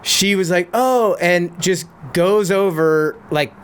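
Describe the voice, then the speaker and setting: A man's voice: high-pitched, steady tone, takes it slowly, fairly bright tone, smooth. A middle-aged man telling a crude story on a podcast, often laughing and restarting his sentences. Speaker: podcast guest, pro BMX rider and stuntman. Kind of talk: casual storytelling.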